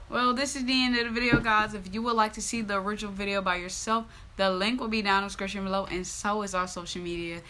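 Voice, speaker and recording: A woman's voice: medium pitch, little pitch movement, fast, hardly any pauses, bright, forceful tone. A woman hosting a reaction video, wrapping up with a breezy, casual sign-off. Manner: breezy, rattling off sign-off requests.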